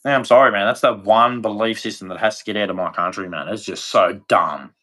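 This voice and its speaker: A man's voice: lowish voice, a little fast, sharp tone. An Australian man from Australia giving a blunt, rambling opinion rant to camera, swearing freely. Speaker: vlogger.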